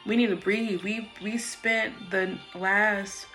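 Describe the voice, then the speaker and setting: A woman's voice: medium pitch, fairly even intonation, slow pace, pushed and bright, soft background music. A woman talking casually and frankly into her phone about meditation and personal growth, swearing freely. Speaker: vlogger. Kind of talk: casual spiritual monologue.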